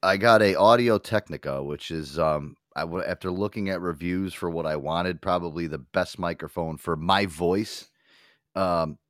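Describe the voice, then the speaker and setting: A man's voice: low-pitched, moderate pace, a bit bright, no echo, clean studio sound. A man hosting a podcast, rambling casually with swearing and frequent laughs. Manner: rambling, profane, laughs easily. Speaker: podcast host. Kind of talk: casual chat.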